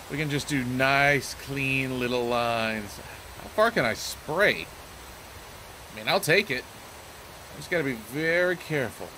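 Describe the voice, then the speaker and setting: A man hosting a let's play, excitable and joking as he talks to himself while playing. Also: medium pitch, slight background noise. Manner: excitable, joking, self-talking. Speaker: gaming channel host.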